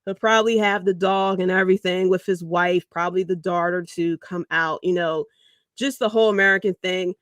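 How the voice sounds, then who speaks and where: A woman's voice: fairly low pitch, brisk, dry recording, clean studio sound. Rambling, chuckling woman host. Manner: rambling, animated, chuckles mid-sentence. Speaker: podcast host. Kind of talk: casual livestream commentary.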